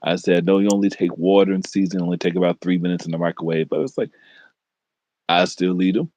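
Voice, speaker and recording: A man co-hosting a casual talk podcast, halting and retelling everything with "I said". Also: sits low, steady tone, a little mellow, no echo. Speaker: co-host. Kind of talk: casual chat.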